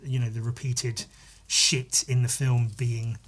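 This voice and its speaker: A husky-voiced young man riffing on a film for his podcast. His talk is loose and animated, with plenty of swearing and quick put-on quotes of the characters. He sits at a medium pitch with a slightly breathy edge. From United Kingdom. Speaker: podcast host. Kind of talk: casual film-analysis monologue.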